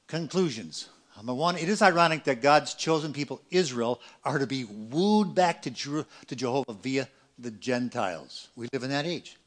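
A middle-aged male pastor with a mid-range voice preaches a sermon. He swings between loud, emphatic peaks and quiet, quick asides.

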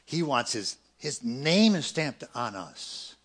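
Middle-aged man, pastor, sermon, emphatic peaks, quick soft asides, medium pitch. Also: very animated. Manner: swings between loud emphatic peaks and quiet, fast asides.

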